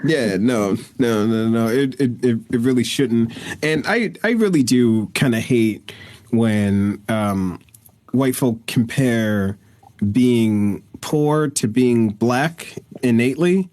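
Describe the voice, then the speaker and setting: A man's voice: mid-range voice, lively intonation, slow, a little mellow, no room sound. A man hosting a podcast, chatting casually, restarting his sentences and often agreeing with "right" and "exactly.". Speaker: podcast host.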